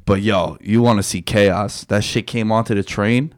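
A man, a guest on a casual podcast, telling stories excitedly and starting lines with "yo". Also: on the low side, normal speed. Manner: excitable storyteller, says "yo" a lot. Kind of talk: casual chat.

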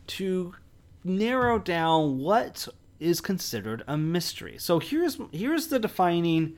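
A man's voice: sits high, sing-song, slow pace. A man co-hosting a movie podcast, explaining at length with frequent restarts. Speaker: podcast co-host. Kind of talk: casual movie review chat.

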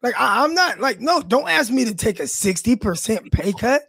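A man co-hosting a casual sports talk show, his voice hoarse and going, speaking bluntly with laughs and repeated words. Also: very high-pitched, very animated, moderate pace, a bit bright, dry recording. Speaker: co-host, former player.

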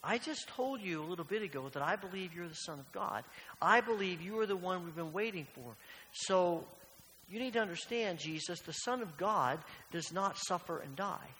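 A man's voice: sits high, animated, moderate pace, pushed and bright. A man voicing an impulsive male disciple who protests urgently. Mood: protesting. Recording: long hall reverb, faint hiss.

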